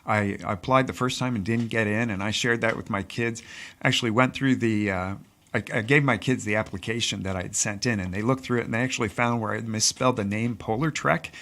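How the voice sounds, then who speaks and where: A man's voice: fairly low pitch, steady tone, brisk, a bit bright. A middle-aged male teacher answering interview questions, earnest and explanatory, with frequent fillers. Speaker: teacher and guest.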